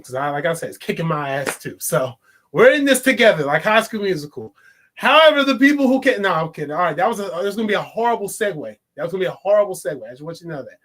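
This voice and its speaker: High-voiced young man rambling chattily. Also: a bit bright. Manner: rambling, chatty, joking asides and frequent restarts. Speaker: movie reviewer. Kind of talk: casual vlog monologue.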